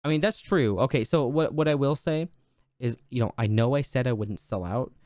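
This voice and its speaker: A young man co-hosts a casual tech podcast in an easygoing, joking way, his talk full of fillers and restarts. His voice sits at an ordinary pitch. It is recorded close on a podcast mic, dry, with no room sound. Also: normal speed, dry recording. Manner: relaxed, joking, many fillers. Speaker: podcast co-host. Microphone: studio podcast microphone.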